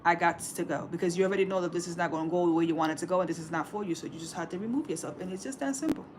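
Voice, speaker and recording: In her forties and speaking very fast, this woman has a fairly low, slightly mellow voice with a touch of hiss or hum. She hosts a livestream where she chats casually, offers sassy, preachy relationship advice, and calls everyone "baby."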